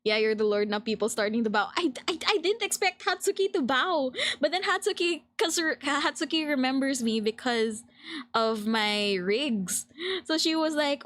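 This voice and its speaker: A young woman telling a story on a late-night stream, giggly and excitable, slipping into Tagalog words. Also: high voice, normal speed. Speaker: VTuber streamer.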